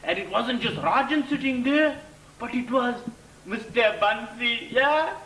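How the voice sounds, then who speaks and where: A man's voice: extremely high pitch, expressive, fairly bright tone, heavily acted. An actor playing a boastful, tipsy man who teases and laughs as he tells a story on a theatre stage. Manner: slow, teasing, laughing while he boasts. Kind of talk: stage play performance. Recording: echoey hall, distant mic.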